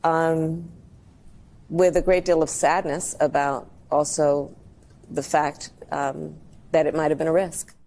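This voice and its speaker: A woman's voice: low-pitched, little pitch movement, slow, a little mellow. A woman being interviewed about her book, hesitant and candid, with ums. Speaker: author interviewed. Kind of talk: interview answers.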